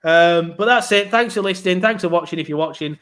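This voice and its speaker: A rambling podcast host, chatting casually about his club and swearing freely. His voice sits a touch high for a man, and he laughs easily between thoughts. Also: quick pace, a bit bright. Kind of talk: casual chat.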